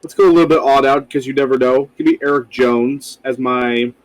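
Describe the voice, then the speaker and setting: A man's voice: medium pitch, fairly even intonation, a little fast, no echo, rough recording. A man co-hosting a casual podcast, talking loosely with frequent swearing and rambling asides. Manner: loose, profane, rambling with fillers. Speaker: podcast co-host.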